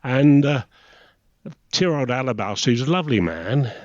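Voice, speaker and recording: With lively intonation and a moderate pace, a mid-range male voice recounts stories: he's a retired naval officer from England in his eighties, chuckling frequently as he reminisces casually for an interviewer. The recording is dry and slightly dull.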